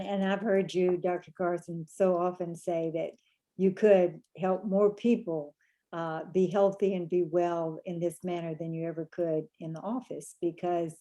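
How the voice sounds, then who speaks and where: Woman host, low voice, mellow tone, encouraging. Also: fairly even intonation, moderate pace, muffled recording. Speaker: host of a training event. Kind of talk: recorded conversation in a training call.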